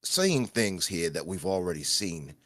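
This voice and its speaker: A man's voice: sits low, sing-song, unhurried, a bit bright, dry recording, clean studio sound, pitched below the performer's own voice, full character voice. A man doing a playful mock Australian accent on a podcast. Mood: mock serious. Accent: put-on Australian. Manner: playful, teasing.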